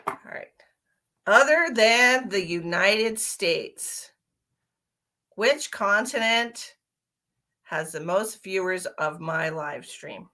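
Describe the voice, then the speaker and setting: A woman's voice: medium pitch, expressive, very slow, pauses often, bright, forceful tone. A woman who works as a psychic medium, chatting casually with viewers on her live stream. She is playful, laughs often and calls people sweetheart and honey.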